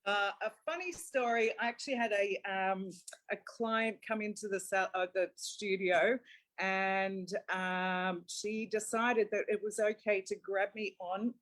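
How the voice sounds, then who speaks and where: A hairdresser who owns her own studio, giggly and a little bashful as she talks. Her voice is mid-pitched. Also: steady tone, unhurried, fairly bright tone.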